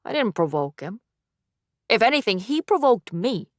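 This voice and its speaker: A man's voice: sits high, very animated, normal speed, no room sound, studio quality, pitched above the performer's own voice. A woman voicing a bitter, defensive young male alchemist in an audiobook. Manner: defensive, wistful. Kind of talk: audiobook dialogue.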